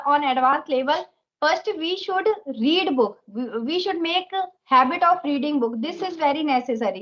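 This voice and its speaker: A woman with an Indian accent, talking earnestly in simple phrases with many fillers during a casual conversation. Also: high voice. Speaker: channel host. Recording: muffled lo-fi audio.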